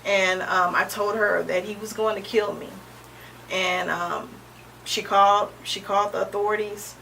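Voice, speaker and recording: A woman in her thirties, an interview guest sharing a personal testimony in a halting, earnest way, often pausing with "um" and restarting. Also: medium pitch, fairly even intonation, gravelly, sharp tone. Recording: distant mic with faint background noise.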